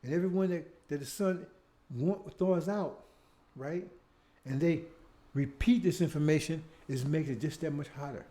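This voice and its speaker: On a show he leads himself, a man delivers a preaching monologue in a warm, fairly high voice at a moderate pace. He leans on heavy emphasis and repetition and often asks "See?", adding rhetorical questions and mocking remarks.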